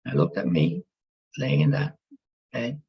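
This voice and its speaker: Male speaker, rough gravelly rasp, halting emotional testimony, muffled sound. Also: medium pitch, sing-song. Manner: halting, emotional, with pauses and restarts. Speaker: speaker telling his near-death story.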